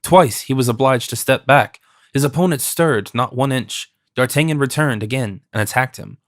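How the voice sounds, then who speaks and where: A man's voice: mid-range voice, no echo, studio quality. Man narrating a classic audiobook. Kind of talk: scripted narration.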